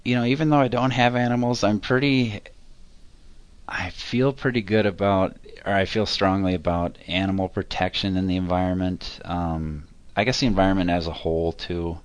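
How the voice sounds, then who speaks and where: A man answering interview questions about himself and his accounting work, talking in a halting, rambling way that keeps correcting itself. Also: sits low, fairly even intonation, clean tone, no echo.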